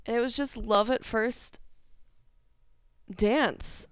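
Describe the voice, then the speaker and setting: A woman's voice: on the high side, steady tone, slow pace, smooth, no echo. A woman with a light Southern US accent, chatting as a podcast guest and teasing the host dryly. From southern United States. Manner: dry, teasing, laughs a lot. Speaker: podcast guest, host's wife. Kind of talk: casual podcast chat.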